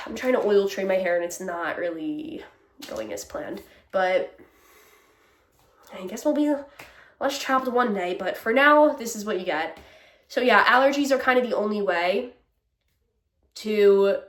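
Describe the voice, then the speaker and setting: A woman's voice: medium pitch, animated, measured pace, long pauses, distant mic. A young woman ranting candidly in a casual vlog, exasperated and swearing freely, often breaking into laughs. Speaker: vlogger. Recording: echoey room.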